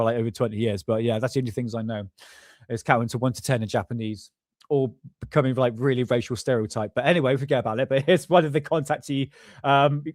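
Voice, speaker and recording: A man's voice: medium pitch, no room sound, studio quality. Chatty man hosting a stream. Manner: rambling, chuckling, stumbles over words. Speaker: livestream host. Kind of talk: casual live-stream commentary.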